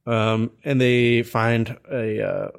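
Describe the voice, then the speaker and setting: A man co-hosting a podcast, recapping a movie in casual chat with a meandering, halting delivery full of ums and restarts. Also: mid-range voice, little pitch movement, smooth. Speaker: podcast co-host.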